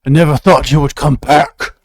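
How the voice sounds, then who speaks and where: A man's voice: fairly high pitch, steady tone, moderate pace, pitched above the performer's own voice, close to an everyday voice. A man voicing a cruel, maniacal monster who taunts heroes and threatens children. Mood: gloating. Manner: taunting, cackling menace. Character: maniacal male beast who kidnaps children.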